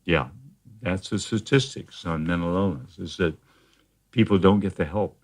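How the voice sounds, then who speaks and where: A man speaking as a therapist guest in a conversational interview, explaining at a measured pace with frequent fillers and restarts. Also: deep voice.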